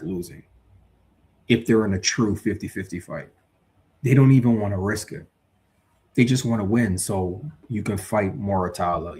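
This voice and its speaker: A lower-voiced man hosting a live stream in a relaxed, chatty way. He argues hard for his views, gets heated and reads viewer comments aloud. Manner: animated, opinionated, reads chat aloud. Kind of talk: casual live boxing talk.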